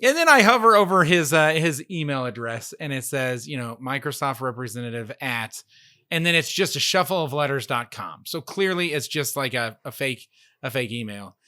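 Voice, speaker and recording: A man's voice: mid-range voice, lively intonation, moderate pace, bright, forceful tone. A man co-hosting a podcast, telling a story in casual chat and acting out the dialogue he quotes. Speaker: podcast co-host.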